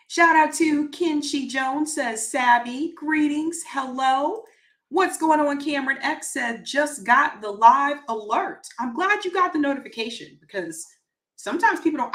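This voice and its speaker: A woman's voice: sits high, measured pace, fairly bright tone. A woman hosting a casual livestream, upbeat and chatty, reading out viewer comments and greeting people by name, laughing easily. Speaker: livestream show host. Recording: roomy echo on the voice.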